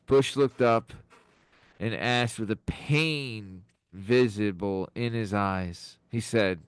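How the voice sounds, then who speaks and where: A man's voice: on the low side, takes it slowly, smooth, no echo. A man co-hosting a podcast, telling long jokes in casual chat and often laughing at his own lines. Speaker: podcast co-host.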